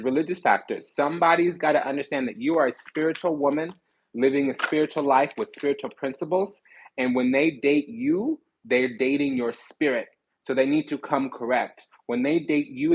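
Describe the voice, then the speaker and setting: A man giving a sassy, animated tarot reading, blunt and swearing freely. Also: medium pitch, breathy edge, low-quality recording. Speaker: spiritual card reader.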